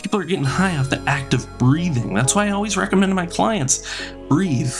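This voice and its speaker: Comic doing a brash male therapist, gravelly and high, lecturing and sure of himself. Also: animated, a little fast, music in the background. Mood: confident. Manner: confident, lecturing. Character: blunt, flaky male therapist giving odd advice.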